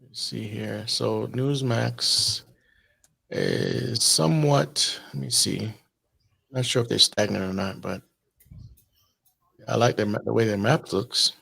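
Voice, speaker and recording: A man with a gravelly, creaky voice hosts a relaxed political chat. He rambles and hesitates, stopping now and then to check something. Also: on the low side, takes it slowly, long pauses.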